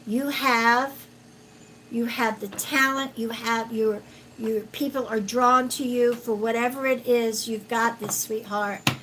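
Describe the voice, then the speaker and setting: A woman giving a live-stream card reading as a psychic, talking gently and haltingly with many fillers and calling viewers sweetheart. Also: fairly high pitch, fairly even intonation, slight background noise, poor audio. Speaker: psychic reader.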